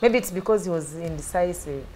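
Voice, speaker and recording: Low-voiced Ugandan talk show host. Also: female voice, brisk, darkish tone, faint music behind. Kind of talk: casual interview chat.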